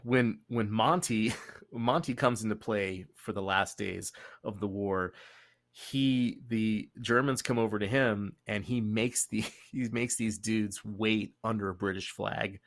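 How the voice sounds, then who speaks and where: A man with a Texan accent, hosting a podcast and telling history in a casual, profane way, laughing often and doing quick voices. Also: fairly low pitch, dry recording. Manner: profane, laughing, animated storytelling. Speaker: podcast host.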